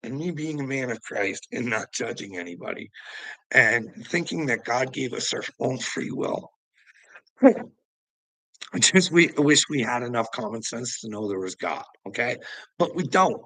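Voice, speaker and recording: A man talks in a loose, heated vlog rant, swearing often and chuckling between points. His voice is bright and forceful, yet gravelly with a husky edge. The sound is close and dry. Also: mid-range voice, animated, moderate pace, dry recording, rough recording. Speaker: vlogger. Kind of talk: casual ranting monologue.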